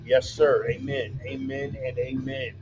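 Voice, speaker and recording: A man's voice: mid-range voice, level tone, a little slow, noisy background. A man hosting his weekly online show from a laptop, casually chatting and calling his listeners "man" and "brother". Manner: loose, joking, calls listeners "man" and "brother". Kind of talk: casual livestream talk reading viewer comments. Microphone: laptop mic. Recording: dull lo-fi laptop sound with music underneath. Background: bumper music.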